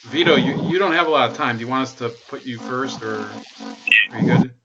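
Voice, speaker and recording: A man hosts a live political stream in a loose, rambling way, dry and sardonic, with many fillers. His mic sounds dull and muffled. A clear hiss of noise runs under his voice. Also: mid-range voice, brisk. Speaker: host.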